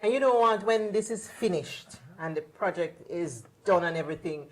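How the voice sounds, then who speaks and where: A woman's voice: lowish voice, moderate pace. A woman with a Jamaican accent co-hosting a telethon, bantering and giggling. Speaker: telethon co-host. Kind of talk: casual chat.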